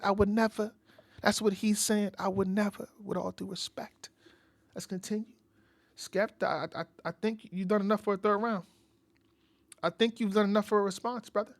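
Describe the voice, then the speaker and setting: A man hosting a reaction show, talking in casual commentary with animated outbursts and phrases repeated for emphasis. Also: high voice, normal speed, no room sound, studio quality. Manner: breaks into loud excited outbursts. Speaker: reaction channel host.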